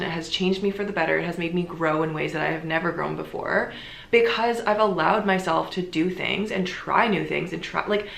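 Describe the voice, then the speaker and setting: A woman's voice: fairly low pitch, gravelly, slight background noise. A young woman vlogger talking casually and earnestly to camera, full of "like"s. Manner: chatty, earnest, many filler "like"s. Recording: echoey room.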